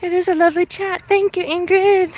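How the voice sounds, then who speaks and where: High-voiced lady walking outside on a phone stream, bit out of breath, giggly, chatting to her viewers, faint outdoor noise. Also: fairly even intonation, a little fast, darkish tone. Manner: chatty, laughs often, thanks viewers by name. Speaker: livestreamer reading chat. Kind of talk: casual live stream chat.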